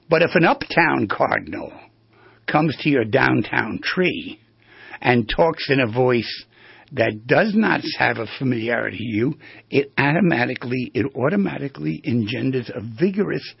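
Gravelly husky New radio host. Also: male voice, medium pitch, expressive, moderate pace, no echo, dull audio. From New York. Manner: rambling, storytelling, drifts between tangents. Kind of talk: casual talk on voice skills.

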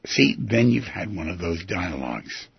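Gravelly, raspy man coaching self-dialogue. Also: low-pitched, moderate pace, no room sound. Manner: earnest, coaching, animated. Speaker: self-help teacher. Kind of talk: guided instruction. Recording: dull lo-fi recording.

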